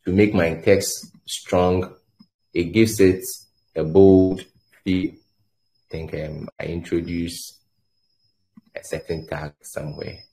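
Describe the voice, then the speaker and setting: A man with a very low voice walks through a coding lesson at an unhurried pace. He talks as he works, pausing and repeating words while he types and runs his examples. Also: mellow. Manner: halting, repeats words, thinks aloud while typing. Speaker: coding instructor. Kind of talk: screen-share tutorial explanation.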